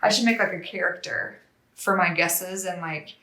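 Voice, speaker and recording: A woman's voice: on the low side, moderate pace, bright, forceful tone, echoey room. A woman chatting casually as a regular presenter, reading out a board game box with rambling, self-deprecating asides.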